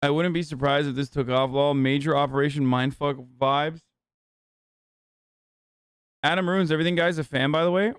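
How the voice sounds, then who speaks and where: A man's voice: a little high, fairly even intonation, moderate pace, long pauses, clear, resonant tone, dry recording, clean studio sound. A man hosting a casual livestream reaction, joking, sarcastic and profane. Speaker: streamer host.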